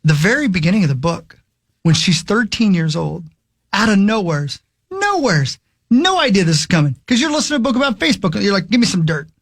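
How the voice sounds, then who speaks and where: A man's voice: high voice, sing-song, quick pace, gravelly, husky, no echo. A man on a radio studio mic, telling a long rambling story in casual chat with his co-hosts. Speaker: radio show host.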